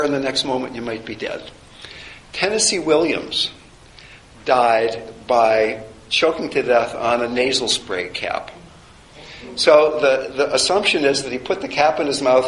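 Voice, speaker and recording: A man's voice: medium pitch, fairly bright tone. A man giving an informal classroom lecture, reflective and conversational with wry humor. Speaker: teacher of a chaplaincy course. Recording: roomy with faint background noise.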